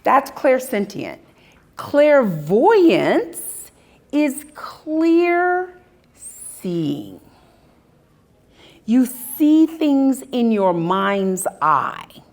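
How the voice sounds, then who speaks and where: A woman giving a live spiritual talk to an audience at an expo, telling stories in an animated way and acting out scenes. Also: on the high side, very slow, pauses often. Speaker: spiritual workshop speaker. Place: expo hall.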